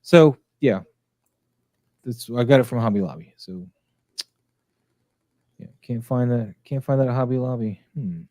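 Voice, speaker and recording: A man's voice: medium pitch, measured pace, long pauses, mellow, dry recording. A man hosting a casual livestream chat, rambling with many fillers in a friendly way. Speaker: podcast host.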